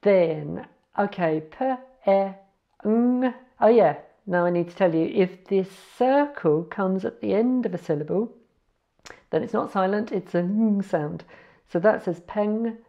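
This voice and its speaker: A woman's voice: medium pitch, vocal fry, dull audio. Chatty woman spelling out letters. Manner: chatty, self-correcting, spells out letters slowly. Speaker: language learner sharing words. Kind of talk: casual spelling-out tutorial.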